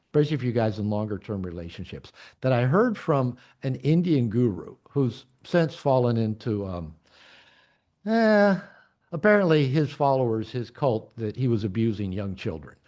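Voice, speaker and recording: Older male coach, blunt storyteller, animated pitch, straight-talking. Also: normal speed. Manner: blunt, candid, storytelling with profanity. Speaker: author and coach. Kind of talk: talk to an audience of men.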